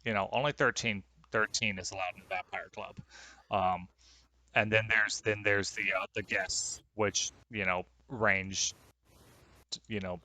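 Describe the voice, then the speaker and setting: A man's voice: fairly low pitch, fairly even intonation, measured pace, bright, forceful tone. A man acting as game master, explaining the scene in a loose, chatty way with fillers. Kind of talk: narrating a tabletop game.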